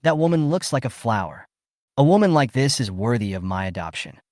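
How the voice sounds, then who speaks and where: A man voicing an arrogant, hot-tempered young nobleman in a recap story, boastful and quick to anger. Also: mid-range voice, very animated, a little mellow, dry recording, clean studio sound, natural voice. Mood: musing. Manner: boastful, angry.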